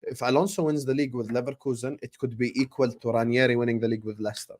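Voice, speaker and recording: A man's voice: medium pitch, fairly even intonation, rapid-fire, darkish tone, a little hiss or hum. A man hosting a casual football chat, teasing his co-host, laughing often and swearing casually. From Jordan. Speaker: podcast host.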